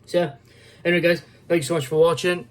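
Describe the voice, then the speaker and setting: A man's voice: fairly high pitch, flat delivery, fast talker. A tired man hosting his own channel, giving rambling casual fight predictions with many fillers and restarts. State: tired, yawning. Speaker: MMA prediction channel host.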